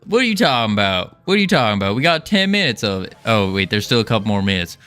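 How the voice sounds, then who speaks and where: A man's voice: fairly low pitch, big pitch swings, fast talker, pushed and bright, faint music behind. A man putting on a jokey Southern US accent as a folksy cowboy streamer, drawling and chuckling at himself. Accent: put-on Southern US.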